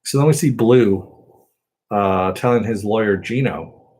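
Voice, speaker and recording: A man with a somewhat low, husky voice talks through a TV episode in a loose, casual recap. He rambles along and fills his pauses with plenty of ums and you-knows. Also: darkish tone, rough recording. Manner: rambling, many fillers. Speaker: TV episode reviewer.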